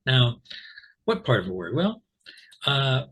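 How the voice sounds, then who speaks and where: A man with a mid-range, husky, fairly bright voice teaches English pronunciation in a casual online lesson, speaking slowly with huge swings in pitch. The recording is low quality, and he explains patiently, rambling with fillers and restarts and checking in with "okay?".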